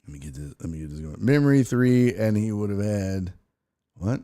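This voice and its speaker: A man's voice: lowish voice, expressive, moderate pace, mellow. A man hosting a live-streamed sports talk show, chatting loosely with viewers, joking and swearing. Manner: loose, profane, joking banter with chat.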